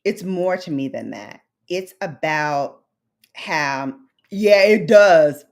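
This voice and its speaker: Low-voiced, unhurried New woman vlogger. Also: animated, darkish tone. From Brooklyn, New York. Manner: heartfelt and nostalgic, calls viewers babes and honey. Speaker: beauty vlogger. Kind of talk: casual livestream chat with viewers.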